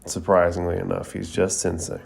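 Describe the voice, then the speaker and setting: A man's voice: deep voice, flat delivery, brisk, vocal fry, a little mellow. A man hosting an anime review podcast who retells an episode in a casual, filler-heavy way. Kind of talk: casual narrated episode recap.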